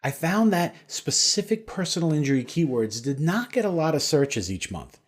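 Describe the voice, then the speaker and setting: Male voice-over, upbeat promo read, animated intonation, scripted. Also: fairly high pitch, moderate pace, breathy edge. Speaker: sales pitch narrator. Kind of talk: scripted sales webinar voice-over.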